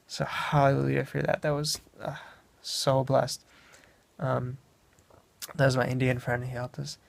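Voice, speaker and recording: A man's voice: medium pitch, completely flat delivery, unhurried, gravelly, dry recording. A young man from Wisconsin, casually telling a travel story in a meandering way, often correcting himself. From Wisconsin, USA. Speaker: vlogger.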